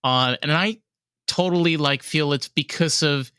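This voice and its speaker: A man's voice: on the high side, sharp tone, clean tone, dry recording, studio quality. A podcast host, a man, chatting in a casual interview, earnest and reflective. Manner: earnest, reflective, quick asides.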